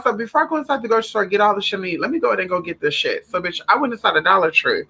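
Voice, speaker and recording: Animated, bright-voiced vlogger ranting. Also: medium pitch. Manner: animated, profane, talks to own dogs between remarks. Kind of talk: casual rant to camera.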